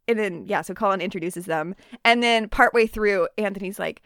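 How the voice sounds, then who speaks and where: A woman co-hosting a casual book chat, retelling scenes with quick acted asides. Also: medium pitch, fairly bright tone, clean tone, dry recording, studio quality. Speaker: podcast co-host.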